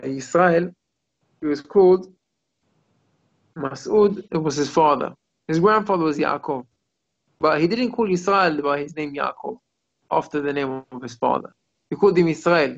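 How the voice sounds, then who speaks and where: A rabbi leads a class by video call, his voice somewhat high and creaky with gravel. His stories keep stalling as he hunts for English words, and the call audio comes through muffled.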